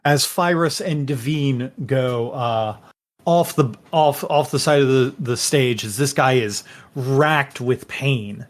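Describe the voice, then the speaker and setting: A man narrating a tabletop game as game master, rambling and halting with many fillers. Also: medium pitch.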